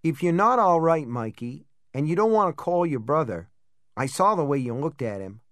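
A man's voice: fairly high pitch, expressive, moderate pace, no echo, voice pushed up, close to an everyday voice. A man voicing a grieving, protective older brother who speaks in a muffled, tearful voice, in an audiobook. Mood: earnest. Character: grieving big sunburned brother, earnest, protective.

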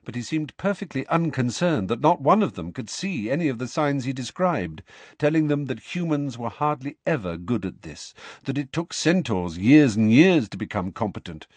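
Lively-voiced male audiobook narrator. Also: mid-range voice, normal speed, husky, no room sound. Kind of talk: scripted storybook narration.

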